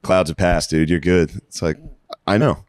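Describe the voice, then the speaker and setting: A man's voice: low-pitched, steady tone, normal speed, darkish tone, no echo, studio quality. A man co-hosting a podcast, joking brashly with crude banter. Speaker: podcast co-host. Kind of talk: casual podcast chat.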